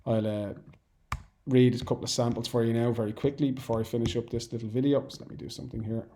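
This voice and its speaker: A man's voice: medium pitch, level tone, fast talker, dark tone, slight background noise. A man, a teacher, who reads sample exam answers aloud and breaks off to comment on them in a chatty, encouraging way. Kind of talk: exam-prep lesson.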